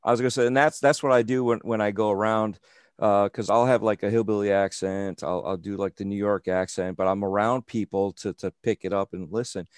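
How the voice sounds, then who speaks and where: A man with a lowish voice chats casually as a co-host. He trips over his words and repeats himself as he builds a thought. The sound is close and dry, with no room around it. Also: fairly even intonation, smooth, no echo. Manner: halting, repeats words as he restarts. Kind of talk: casual interview chat.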